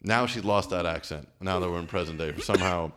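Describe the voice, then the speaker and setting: Co-host type: deep, low-voiced guy from New Jersey, loose and jokey, stumbles a lot. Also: a little fast, a bit bright. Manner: joking, rambling, stumbles over words. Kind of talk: casual chat.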